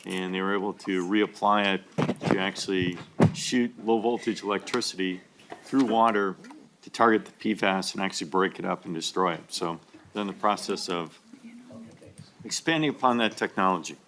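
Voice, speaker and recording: Deep-voiced man explaining at a hearing. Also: normal speed, fairly bright tone, slight background noise. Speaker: state representative. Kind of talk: informal remarks at a hearing.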